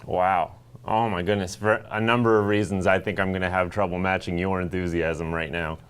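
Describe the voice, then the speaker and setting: A man's voice: deep voice, little pitch movement, moderate pace, a bit bright, clean tone. A teenage male student news co-anchor playing the polite, exasperated straight man in scripted banter.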